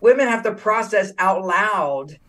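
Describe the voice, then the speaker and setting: This American relationship author, an older man guesting on a casual interview, has a high voice and keeps a measured pace, sounding far from the microphone. Animated and quick to laugh, he acts out other people's words as he tells his stories.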